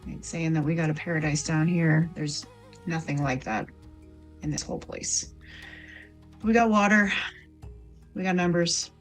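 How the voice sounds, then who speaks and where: A woman plays a bitter, streetwise male smuggler in a tabletop game. He talks in a low, slow folksy drawl full of rough slang. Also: faint music behind, close to an everyday voice. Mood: persuasive. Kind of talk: tabletop role-play.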